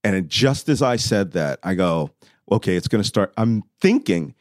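A middle-aged man telling a vivid personal story, shouting when he acts out moments. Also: fairly low pitch, lively intonation, normal speed, dry recording, clean studio sound. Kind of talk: animated storytelling.

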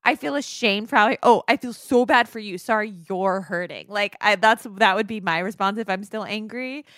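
A woman's voice: mid-range voice, normal speed, no echo. Jokey woman podcast host, dry mic. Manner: animated, jokey, quotes mock apologies. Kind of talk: casual chat.

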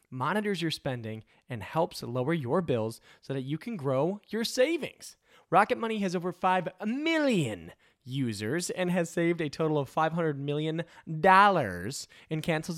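A man's voice: on the high side, dry recording, studio quality. A man reading sponsor ads on a podcast in a mock-intense, dramatic manner. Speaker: ad reader. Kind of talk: podcast ad read.

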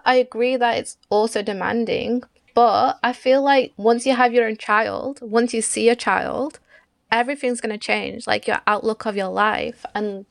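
A woman co-hosting a podcast, talking calmly and weighing both sides. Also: a little high, gravelly. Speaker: podcast co-host. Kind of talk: casual chat.

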